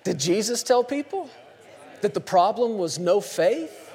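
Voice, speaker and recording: A man with a high-pitched voice preaches a sermon in a church sanctuary, swinging from hushed lines to sudden shouts. His voice rings with the long reverb of a large hall. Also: big pitch swings, slow, a faint crowd. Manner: emphatic, dramatic swings between hushed and shouted. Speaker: pastor.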